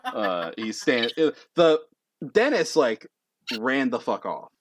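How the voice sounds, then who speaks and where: A man's voice: medium pitch, wildly swooping pitch, slow pace, slight background noise. A young man narrating a tabletop game as game master, in a casual, rambling way full of fillers.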